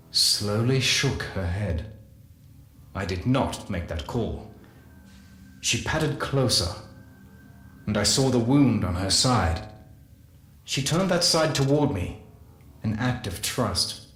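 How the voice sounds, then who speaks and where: An actor playing a solemn male scientist narrating a game audio journal, measured and confessional. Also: lowish voice, a bit bright. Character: solemn male scientist recounting guilty secrets. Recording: echoey voice with faint music.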